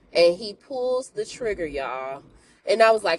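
Animated slangy woman podcaster. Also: lowish voice, slow pace, a little hiss or hum. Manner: animated, slangy, talks to listeners as y'all, laughs often. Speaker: podcast host recapping a TV series. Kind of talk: casual chat.

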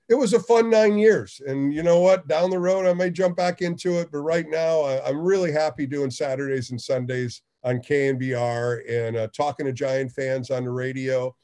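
A middle-aged man, a baseball radio host, telling stories in a casual interview and acting out quotes in a higher voice. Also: normal speed. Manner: animated, acts out quotes in a higher voice.

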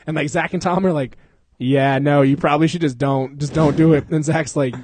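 A young man with a somewhat high, slightly husky voice tells rambling stories to his friends. He laughs often and swears freely. The sound is dry and close. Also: fairly even intonation, brisk, a little mellow, no echo. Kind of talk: casual storytelling among friends.

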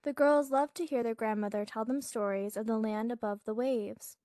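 A woman, a podcast host, reading a fairytale aloud in a soft, hushed way, lifting her voice as each new scene begins. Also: fairly high pitch, fairly even intonation, normal speed, no echo. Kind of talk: gentle storybook reading.

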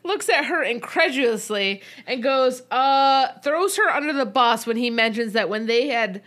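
A woman's voice: a little high, expressive, normal speed, fairly bright tone. A woman co-hosting a podcast, casually recapping a reality show and acting out quoted lines with animation. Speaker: podcast co-host.

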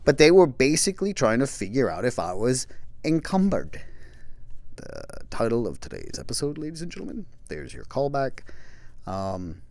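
A man hosting a true crime podcast, talking casually and reflectively, halting with many restarts and often dropping to a soft low voice. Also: very animated, vocal fry, no room sound.

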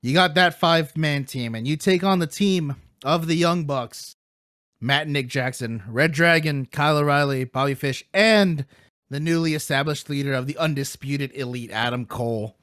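Excitable man chatting on a dry mic. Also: fairly high pitch, normal speed, dry recording. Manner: excitable, rambling, playfully brash, eating while talking. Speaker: podcast host. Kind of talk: casual chat.

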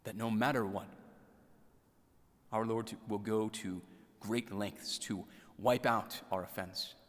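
Low-voiced man preaching in a reverberant church. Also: fairly even intonation. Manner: measured, earnest preaching with softly repeated scripture lines. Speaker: priest. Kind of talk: sermon.

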